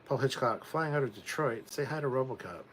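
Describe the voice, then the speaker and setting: A man's voice: medium pitch, lively intonation, a little fast, slight background noise. A man hosting a casual livestream, reading viewer comments aloud and rambling on in chatty asides, swearing now and then. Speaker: livestream host reading chat.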